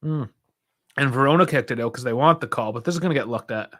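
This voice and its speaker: A man's voice: mid-range voice, quick pace, bright, forceful tone. A young man hosting a football watch-along stream, chatting casually, reacting aloud with sighs and laughs and talking to his chat. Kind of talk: casual live match commentary.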